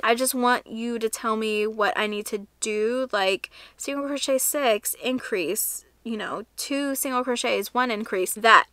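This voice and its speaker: Casting: young woman vlogger, bright crisp voice, chatty and rambling, dry close sound. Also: fairly high pitch, no room sound. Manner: chatty, rambling, self-correcting. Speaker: crochet vlogger. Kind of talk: casual show-and-tell vlog.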